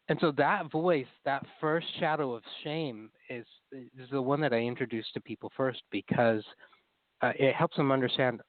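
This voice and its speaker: A man's voice: medium pitch, normal speed, dry recording. Man explaining on a tinny line. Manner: earnest, acts out inner critical voices in quotes. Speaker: therapist guest. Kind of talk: explanatory interview talk.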